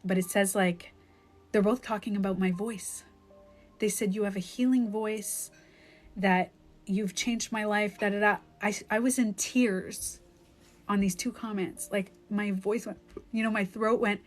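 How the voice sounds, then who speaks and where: A woman's voice: medium pitch, steady tone, unhurried, faint music behind. Candid woman on a phone live stream. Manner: candid, emotional storytelling with frequent "like". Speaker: life coach.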